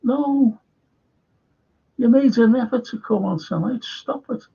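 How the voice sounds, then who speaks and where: An older man with a Liverpool accent hosts a live fan stream, reading out comments and wandering through anecdotes. His voice is gravelly and husky. The sound is dull and lo-fi. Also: very high-pitched, unhurried, warm tone. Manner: rambling anecdotes with repeated restarts. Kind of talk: casual chat reading viewer comments.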